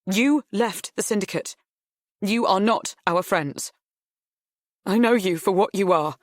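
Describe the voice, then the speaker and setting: A woman plays an indignant mother close to tears. Her voice climbs high and sharp, squawky with righteous anger. The reading is dry and close. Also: a little slow, no echo, natural voice. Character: distraught middle-aged mother, indignant.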